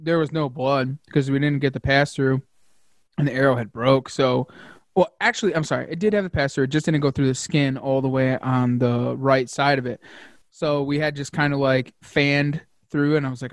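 A man hosting a casual hunting podcast, talking excitedly with lots of fillers and the odd curse word. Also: medium pitch, normal speed, no room sound, studio quality. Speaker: podcast host.

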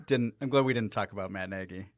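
A young man co-hosting a casual sports podcast, animated and prone to ranting bits. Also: on the low side, fast talker, no echo. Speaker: podcast co-host.

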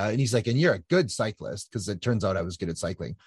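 A man in his fifties telling his story in a casual interview, animated, with many fillers and restarts. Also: on the low side, fast talker, breathy edge, dry recording, clean studio sound. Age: 50s. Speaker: guest, ultra-endurance triathlete.

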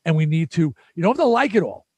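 An older New York man, a musician guest, tells stories in a casual chat with an animated, fast, slightly rough voice on the high side. He acts out quotes in different voices, and the recording is dry.

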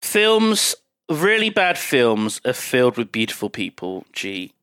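Podcast co-host, bright tense voice, very lively pitch, swears, dry sound. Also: measured pace, dry recording. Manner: expressive, swears, exclaims. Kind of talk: casual chat reviewing a film.

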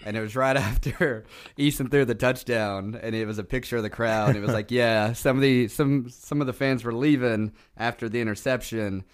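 A man's voice: mid-range voice, steady tone, normal speed, clear, resonant tone. A man co-hosting a casual chat, cocky and teasing. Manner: cocky, teasing, laughs along. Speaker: podcast co-host.

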